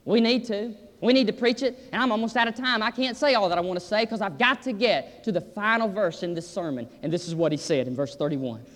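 Emphatic high-voiced male preacher in a reverberant hall. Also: brisk, few pauses, fairly bright tone. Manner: emphatic, repeats "I'm telling you". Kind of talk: sermon.

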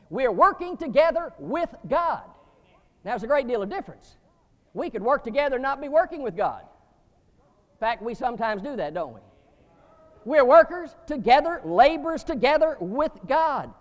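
High-voiced preacher in a reverberant hall. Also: male voice. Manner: emphatic preaching with rising bursts and slow stresses. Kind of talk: sermon.

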